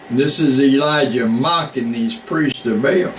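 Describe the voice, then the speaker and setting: A man's voice: mid-range voice, a little slow, hardly any pauses, fairly bright tone, distant mic. A man giving an informal Bible teaching on a live online broadcast. He talks in a folksy way, reading scripture aloud and then commenting on it in his own plain words. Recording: echoey room, voice from off mic, faint hum.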